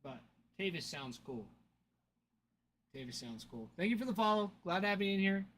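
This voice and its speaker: A man's voice: high-pitched, big pitch swings, normal speed, fairly bright tone, a little hiss or hum. Chatty young man hosting a livestream. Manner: chatty storyteller, laughs often, thanks viewers. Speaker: card break livestream host. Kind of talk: casual livestream chat.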